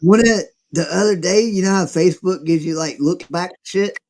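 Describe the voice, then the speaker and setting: A man, hosting a casual chat and telling a rambling, profane story, acting out quotes loudly. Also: high-pitched, brisk, low-quality recording. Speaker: podcast host.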